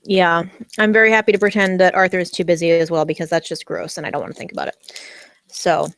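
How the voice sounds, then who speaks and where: A woman's voice: on the low side, steady tone, quick pace, vocal fry, no room sound. A woman from the US chatting casually on a livestream about a TV episode, rambling with lots of fillers and restarts and bursts of giggly enthusiasm, talking around a candy in her mouth. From United States. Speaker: vlogger recapping a TV episode.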